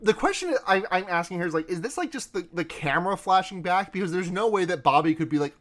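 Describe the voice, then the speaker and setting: A man's voice: sits high, animated, fast talker, few pauses, a bit bright. Rambling casual male podcast co-host. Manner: rambling, lots of fillers and restarts, swears casually. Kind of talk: casual film-review chat.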